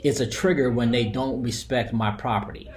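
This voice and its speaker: A man's voice: mid-range voice, steady tone, normal speed. A man telling a personal story as a heated, profane rant, repeating himself as he goes. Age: adult with a daughter.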